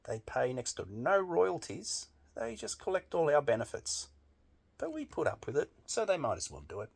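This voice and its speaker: A man's voice: on the high side, wildly swooping pitch, moderate pace, creaky, slightly rough. A man delivering a blunt, emphatic opinion monologue with frequent swearing. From Australia. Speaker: political commentator.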